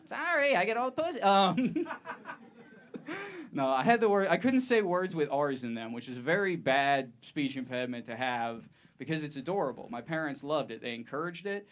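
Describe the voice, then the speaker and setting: A man's voice: on the high side, lively intonation, moderate pace. A man from Ohio doing a stand-up comedy set on a club stage into a handheld mic, rambling and self-mocking with loose asides.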